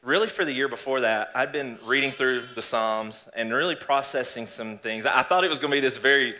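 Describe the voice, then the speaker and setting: A man in church, earnestly and reflectively telling his story of faith in a conversational testimony, with halting restarts. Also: medium pitch, bright, forceful tone. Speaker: church guest sharing testimony. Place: church stage before an audience.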